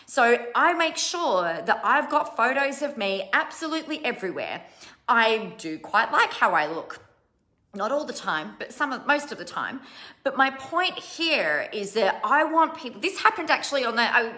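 A woman's voice: a little high, bright, forceful tone. A woman in her thirties, a business coach giving a chatty, blunt motivational talk to her online audience, swearing casually and laughing at herself. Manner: self-deprecating, laughs at herself.

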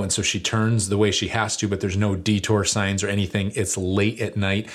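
A man who is a lead pastor, telling a story in a relaxed, chatty sermon with many fillers. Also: fairly low pitch, fairly quick, few pauses.

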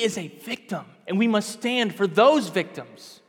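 A man with a high, bright-pitched voice preaches with fervor, pressing his points hard and climbing to emphatic peaks. His voice carries a long reverb, as if heard in a large hall. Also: animated, unhurried, hardly any pauses, husky. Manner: impassioned, rising to emphatic outbursts. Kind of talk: sermon.

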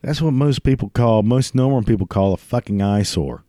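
A man's voice: medium pitch, moderate pace, mellow, no room sound, studio quality. A man delivering a crude, profane comedic rant, swearing constantly and laughing at his own jokes. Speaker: ranting commentator.

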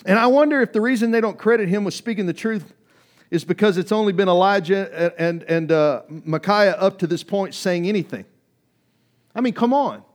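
A male pastor giving a sermon in a conversational way, often dropping his voice low for emphasis. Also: lively intonation, normal speed. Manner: conversational preaching with sudden drops in volume; acts out quoted voices in reading.

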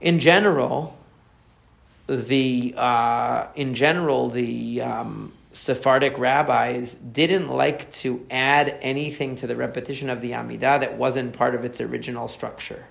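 A man, a rabbi, explaining prayer in a conversational lesson, answering a listener's questions and repeating key phrases as he warms up. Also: mid-range voice, steady tone, a little slow, gravelly.

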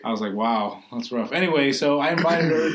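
A man's voice: medium pitch, animated, fairly quick, heavy background noise. A young man casually telling a rambling, self-deprecating story to friends, swearing freely.

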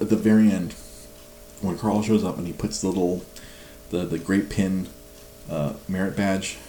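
Deep gravelly man laughing through chat. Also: reverberant, slight background noise. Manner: laughs a lot, self-mocking and animated. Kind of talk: casual chat. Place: home at night.

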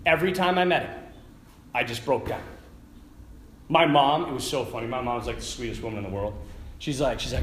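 A middle-aged man giving a lively faith talk to a live audience, telling stories and tossing asides to the listeners. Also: mid-range voice, brisk, long pauses, a little hiss or hum. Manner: animated storytelling with asides to the audience. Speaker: Catholic speaker. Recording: echoey hall with faint ambience.

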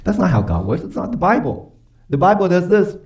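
A man preaching a sermon as pastor, emphatic and quick to pose rhetorical questions to his congregation. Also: high voice, very animated, darkish tone. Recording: voice from far off the mic.

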